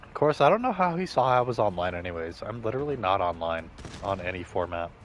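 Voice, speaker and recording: A young man streams a shooter game, chatting in a loose, rambling way. He swears often and jokes to himself between plays. His voice sits fairly low, with a faint background hum. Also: big pitch swings, quick pace. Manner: rambling, profane, joking to himself. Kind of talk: casual gaming commentary.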